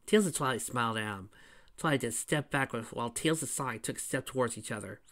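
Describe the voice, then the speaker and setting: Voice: mid-range voice, quick pace, a bit bright. A fan reader narrating a fan story and adding chatty asides. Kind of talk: reading fan fiction with commentary.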